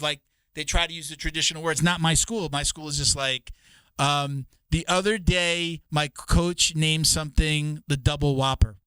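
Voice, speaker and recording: A man's voice: on the high side, bright, forceful tone, clean tone, no echo. A man co-hosting a podcast, talking casually and rambling, swearing and restarting his sentences often. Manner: rambling, profane, with many restarts.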